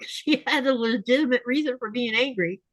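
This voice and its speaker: A woman's voice: on the high side, fairly quick, fairly bright tone, no room sound. A woman hosting a casual live chat, reading viewer comments aloud and laughing often. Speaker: live stream host.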